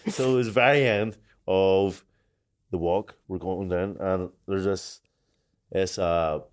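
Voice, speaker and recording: A man's voice: deep voice, steady tone, slow. A man co-hosting a casual chat, swearing freely and laughing through his stories. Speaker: podcast co-host.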